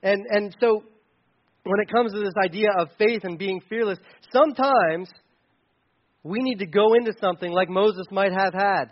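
At a normal pace, a fairly high-voiced man preaches a sermon as pastor, keeping things relaxed and chatty with the occasional playful tangent. The audio sounds somewhat muffled and lo-fi.

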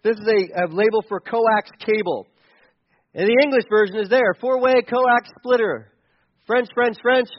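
Guy with a really high voice, sarcastic and fed up, riffing on funny pics, kinda dull lo-fi audio. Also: normal speed, slight background noise. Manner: sarcastic, exasperated, chuckling. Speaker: comedic commentator. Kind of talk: comedic picture commentary.

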